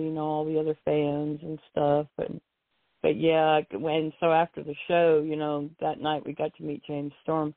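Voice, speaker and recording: A woman's voice: low-pitched, no room sound. A woman chatting eagerly about wrestling shows, often repeating her words as she starts a sentence. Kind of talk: casual chat. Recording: tinny phone line, dry.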